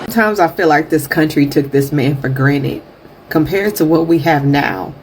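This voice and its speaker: A woman's voice: low voice, normal speed, slight background noise. A woman giving an earnest, wistful reaction monologue. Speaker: commentator.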